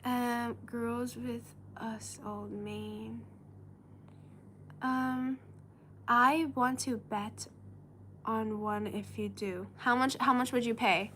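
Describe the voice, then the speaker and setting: A woman's voice: on the high side, steady tone, very slow, long pauses, fairly bright tone, slight background noise. A woman whose first language is Chinese, hosting a casual livestream and reading viewer comments in a giggly, hesitant way. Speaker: livestream host.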